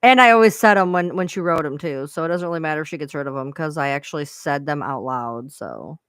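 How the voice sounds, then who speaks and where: A woman's voice: low-pitched, animated, quick pace, fairly bright tone, smooth, no room sound, clean studio sound. A woman hosting her own live stream, venting to viewers in a frustrated, profane rant. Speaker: livestream host.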